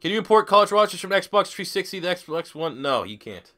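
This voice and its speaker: Young dude streaming football game, swears a lot, jokey, kinda high voice. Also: male voice, sing-song, brisk, pushed and bright. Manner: profane, joking, reads chat aloud. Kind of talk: casual live stream commentary.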